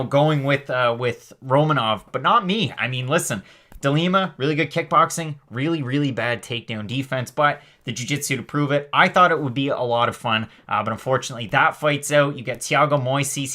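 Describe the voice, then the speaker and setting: A man with a medium-pitched voice hosts a live MMA stream, reading the chat aloud. He's energetic and rapid, chattering away with lots of fillers.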